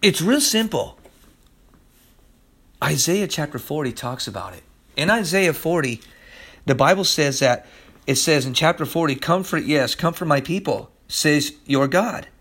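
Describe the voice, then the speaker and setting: A man's voice: on the high side, lively intonation, unhurried, a bit bright, slightly rough. A man preaching a podcast sermon, urgent and pleading, who keeps repeating "listen" to his listeners. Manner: impassioned, pleading.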